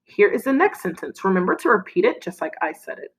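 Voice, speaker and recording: A woman teaching a recorded lesson to young children, her pitch rising and falling in a lively way. She speaks clearly and encouragingly, pausing for the children to answer. Her voice sits in a middle range for a woman. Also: poor audio. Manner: clear, encouraging, call-and-response prompting.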